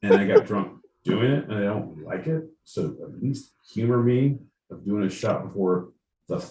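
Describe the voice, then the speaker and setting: A tipsy man co-hosting a podcast, joking loudly and swearing in casual banter. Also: lowish voice, moderate pace. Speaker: podcast co-host. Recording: roomy echo, faint noise.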